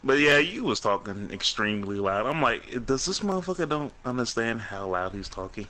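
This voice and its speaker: A man's voice: mid-range voice, lively intonation, moderate pace, pushed and bright. A man co-hosting a podcast, chatting casually with a lot of profanity, laughter and mocking banter. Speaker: podcast co-host. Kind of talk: casual chat.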